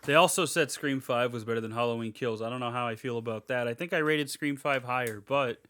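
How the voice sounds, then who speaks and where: This man speaks in a mid-range voice, a little fast, while co-hosting a podcast. Chatting casually to review a horror movie, he's animated, swearing freely and acting out scenes in funny voices.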